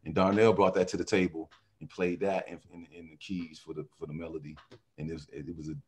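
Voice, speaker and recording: A man who sings in a vocal group, telling animated stories in a casual interview and often laughing. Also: low voice, quick pace, breathy edge. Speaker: singer in a vocal group, guest.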